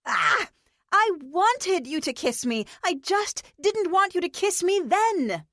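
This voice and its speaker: A woman voicing a fiery young woman who scolds the man she likes, raising her pitch for her in an audiobook reading. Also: very animated, unhurried, no room sound, studio quality. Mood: exasperated. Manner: sharp, scolding. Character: fiery young woman, exasperated love interest.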